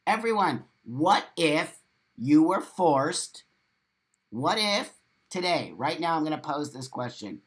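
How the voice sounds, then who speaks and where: A man's voice: a little high, slow. Emphatic, swearing male live-stream host. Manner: emphatic and profane, repeats phrases for emphasis; animated, with sudden loud exclamations. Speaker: host of a live morning show. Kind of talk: live-stream chat, reading viewer comments aloud.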